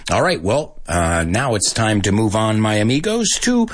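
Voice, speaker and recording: A man leads a casual English lesson, dipping into Spanish and laughing often. His voice sits fairly low and is husky. His pitch swings widely as he talks. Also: wildly swooping pitch, moderate pace. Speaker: English teacher. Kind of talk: casual bilingual vocabulary lesson.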